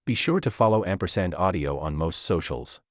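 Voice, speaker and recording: A very deep male voice reads the closing credits like an announcer, measured and formal. His pitch swings widely across phrases. The sound is close and dry, with no room around it. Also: animated, no echo. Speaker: announcer reading the outro credits. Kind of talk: scripted credits read.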